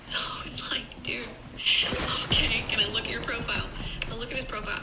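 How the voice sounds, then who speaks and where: A woman's voice: on the high side, quick pace. A woman dating coach chatting casually on a live stream, acting out dialogue in her stories. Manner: chatty, acts out dialogue in anecdotes. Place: room at home, streaming live. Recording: echoey room with loud background noise.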